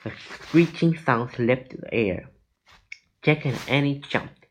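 Slow man reading a children's book. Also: mid-range voice, slight background noise, low-quality recording. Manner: slow, deliberate reading with small slips. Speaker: reader.

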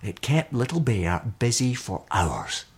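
A man reading a children's story aloud with expressive, animated storytelling. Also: medium pitch, a little slow, husky.

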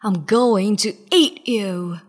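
A woman's voice: mid-range voice, husky, voice pushed down. Woman doing a growling hungry genie. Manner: growling, loud and slow. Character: big bad hungry male genie, grumpy.

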